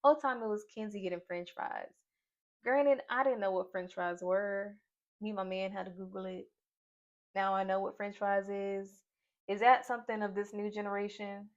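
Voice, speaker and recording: A woman's voice: mid-range voice, steady tone, normal speed. A woman from Nashville chatting through a reality TV recap with sassy, playful asides. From Nashville, Tennessee, US. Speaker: YouTube reality TV reviewer. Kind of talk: casual recap vlog. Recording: dull lo-fi sound.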